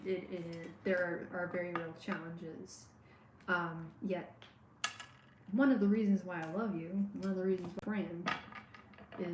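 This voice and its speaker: A woman giving a live tarot reading on a stream, speaking warmly and straight to the viewer, with many halting restarts and fillers. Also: fairly low pitch, reverberant, noisy background. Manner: warm, personal, talks straight to the viewer. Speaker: tarot reader.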